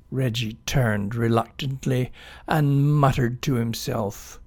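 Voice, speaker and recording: A man reading a children's animal story aloud in an expressive, unhurried way. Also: mid-range voice, vocal fry, husky.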